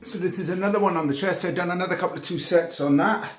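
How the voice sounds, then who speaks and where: A man's voice: sits high, quick pace, echoey room, a little hiss or hum. Male fitness coach mid-workout, breathless, recorded from a distance on a camera mic. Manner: talks while exercising, breathless groans between reps. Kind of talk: home workout demonstration. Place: home workout space.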